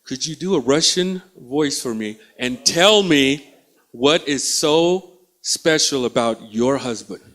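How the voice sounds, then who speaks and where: A man's voice: medium pitch, lively intonation, takes it slowly, fairly bright tone. A male stand-up comedian teasing and riffing with the audience from a small theatre stage. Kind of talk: stand-up crowd work.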